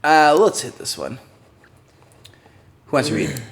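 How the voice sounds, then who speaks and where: A man's voice: a little high, very animated, a little slow, vocal fry, a little hiss or hum. Chatty man hosting a live stream. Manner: chatty, laughs often, jokey. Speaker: host of a channel live stream. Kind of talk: casual live-stream chat.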